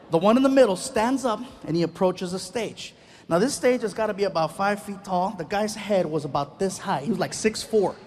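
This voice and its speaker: A man telling a stand-up comedy story with an animated, storytelling delivery. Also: high-pitched.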